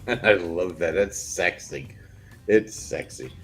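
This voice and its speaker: A man's voice: low-pitched, takes it slowly, fairly bright tone, faint music behind. Rambling, easygoing co-host, man. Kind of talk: casual chat.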